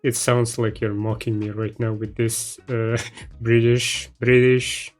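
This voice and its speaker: Young guy casually chatting, bit halting, average pitch, soft music under it. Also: flat delivery. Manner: casual, halting in English, laughs easily. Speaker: English teacher, host. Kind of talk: casual chat with an AI.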